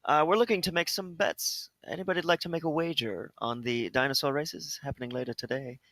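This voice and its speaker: A man's voice: fairly high pitch, fairly even intonation, a little fast, fairly bright tone, dry recording, lightly acted. A man voicing a courteous bookie's agent who speaks in a formal, overly polite manner. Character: courteous male bookie's agent, smooth talker.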